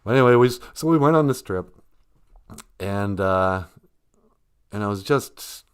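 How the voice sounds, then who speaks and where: Older guy on a casual livestream, loose rambly talk, lots of joking and chuckles, pitch swinging up and down. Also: expressive, unhurried, smooth. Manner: rambling, joking, laughs often. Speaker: host teaching Ojibwe. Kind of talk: casual live stream talk.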